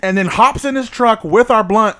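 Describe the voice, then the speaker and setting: A young man with a slightly high voice tells crude stories in loose, casual chat. He laughs often and slips into voices for the people in his tales. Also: moderate pace, a crowd in the background. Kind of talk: casual storytelling.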